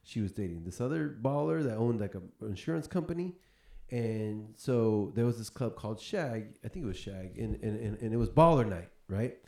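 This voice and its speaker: A man hosting a podcast, telling a story in a casual, animated way and laughing often. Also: lowish voice, normal speed, gravelly. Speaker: podcast host. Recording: roomy echo.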